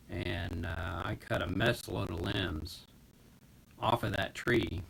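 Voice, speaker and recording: A man's voice: on the low side, gravelly, a bit bright, slight background noise, rough recording. A man casually rambling to viewers on a live stream from home, talking into his phone. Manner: rambling, talks to viewers while fiddling with gear.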